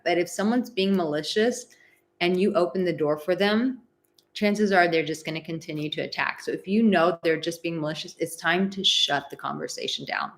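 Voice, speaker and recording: A woman's voice: lowish voice, moderate pace. A woman hosting a live advice talk, chatting casually with many "like" fillers and acting out example phrases. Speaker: relationship advice host.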